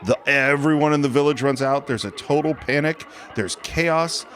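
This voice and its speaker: A man's voice: a little high, a little hiss or hum. A man co-hosting a film podcast, casually walking through a movie scene by scene and briefly acting out characters' lines. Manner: animated retelling of scenes, acting out lines in quick voices. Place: podcast studio.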